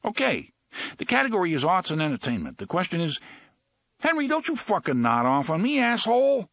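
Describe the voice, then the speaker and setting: Heard in an audiobook, a man doing a brash gangster running a trivia game, pitched well above the reader's own low voice and pushed loud. He needles and taunts, impatient, in a dry, close recording. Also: huge pitch swings, fast talker, creaky, no echo, heavily acted. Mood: taunting. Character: brash, needling male mobster quizmaster.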